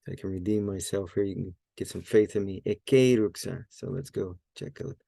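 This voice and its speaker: A man with a low, gravelly voice walks through a Greek grammar lesson in a loose, think-aloud way. He stops to correct himself and fills pauses with "um" and "yeah." His tone is dark and mellow, and the recording sounds dry and close. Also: fairly even intonation, no echo. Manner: thinks aloud, self-correcting, many fillers. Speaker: Greek language teacher. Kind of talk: casual screen-share lesson.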